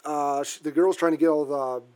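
A man from Canada recaps a horror film in easy conversation. His voice sits a little high for a man. He talks in halting bursts, often stopping to restart a phrase. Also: steady tone, darkish tone. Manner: halting, with frequent restarts and fillers.

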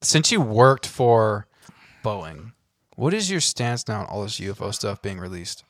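A man hosting a casual podcast, teasing his guest and swearing casually, excitable about theories. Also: fairly low pitch, unhurried, dry recording. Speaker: podcast host. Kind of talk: casual chat.

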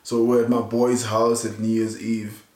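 A man's voice: mid-range voice, flat delivery, moderate pace, a little mellow. A young man with a South African accent, a podcast co-host telling stories in a laid-back, slangy way. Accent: South African English. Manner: laid-back slangy storytelling, lots of "like" and "dude". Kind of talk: casual storytelling chat. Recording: echoey room.

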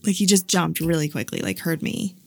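A woman chatting casually as she tells a personal story, full of fillers and quick laughs, acting out the voices of the people in it. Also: low-pitched, lively intonation, vocal fry, darkish tone, no room sound.

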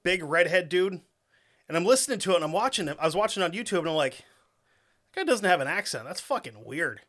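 Joking New man, higher voice. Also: very animated, fairly bright tone. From New England. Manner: joking, swears casually, quick banter. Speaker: podcast co-host. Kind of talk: casual podcast chat.

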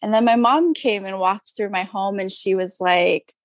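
A young woman talks easily in a casual interview, bubbly and loose, her sentences strung together with fillers and small laughs. Her pitch sits mid-range for a woman, and the recording is dry and close with no room sound. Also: normal speed, dry recording. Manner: chatty, upbeat, lots of "like" and "you know" fillers, frequent laughs. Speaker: guest, crystal seller.

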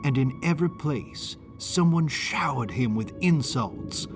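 A man reading first-person audiobook narration in a measured, deliberate way. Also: medium pitch, animated, over music.

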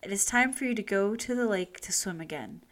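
A woman voicing a kind male farmer in a storybook, gentle and caring. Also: medium pitch, expressive, fairly quick, close to an everyday voice.

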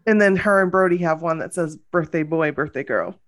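A woman's voice: sits low, fairly quick. A woman co-hosting a podcast in easy casual chat, still getting over a cough. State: lingering cough. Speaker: podcast co-host.

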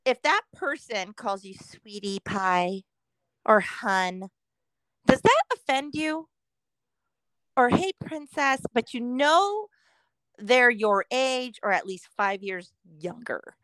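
A woman's voice: a little high, very animated, slow pace, a bit bright, no echo, rough recording. Middle-aged woman in casual podcast chat. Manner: chatty, laughing often, quoting others in voices. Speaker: podcast co-host.

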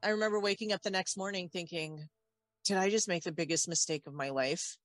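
A woman's voice: lowish voice, fairly quick, dry recording. A woman telling a personal story as an interview guest, candid and wry, with many fillers.

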